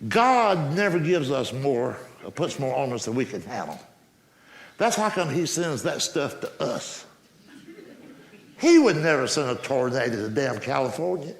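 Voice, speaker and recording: A man's voice: medium pitch, unhurried. A man telling stand-up stories in a folksy, cussing drawl, on a stage before a live audience. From Southern United States. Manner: folksy drawl, cussing punchlines, lively delivery. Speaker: stand-up comedian. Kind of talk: stand-up storytelling. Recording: noisy live stage recording.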